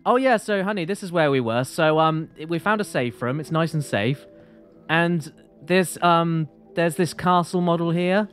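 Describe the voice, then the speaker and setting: Male streamer, a touch high-pitched, loose rambling live commentary at a desk mic. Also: moderate pace, fairly bright tone, faint music behind. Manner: chatty, rambling, apologetic, reads chat aloud. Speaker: game streamer.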